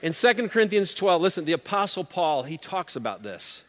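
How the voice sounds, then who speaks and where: A man's voice: very animated, fairly quick, a bit bright. Earnest preaching man, echoing sanctuary. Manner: earnest, builds to emphatic peaks then drops low. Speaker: pastor. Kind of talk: sermon. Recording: long hall reverb.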